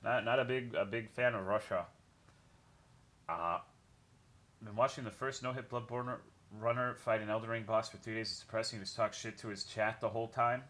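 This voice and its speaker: A man's voice: lowish voice, fairly even intonation, moderate pace, a bit bright. Laid-back, foul-mouthed male streamer. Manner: laid-back, rambling, swears often, greets chat by name. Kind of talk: casual chat with live viewers.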